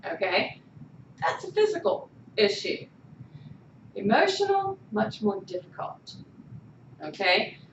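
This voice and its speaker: With a medium-pitched voice, a woman teaching college gives an animated classroom lecture, quizzing her students and repeatedly asking "okay?". The recording has a little hiss or hum, and she sounds far off and muffled in an echoey room.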